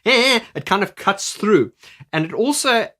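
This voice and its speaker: Bright-voiced male vocal coach. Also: sits high, sing-song, moderate pace. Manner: chatty, stumbling over restarts while explaining. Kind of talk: explanatory video commentary.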